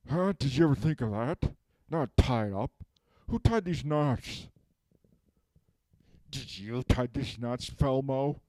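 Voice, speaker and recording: A sulky, resentful villain whines that he has been unmasked, as a man acts him out. He rambles, keeps tagging "okay?" onto his complaints, and speaks in a warm, mellow voice in a comedic self-tape monologue. The sound is close and dry. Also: medium pitch, no room sound.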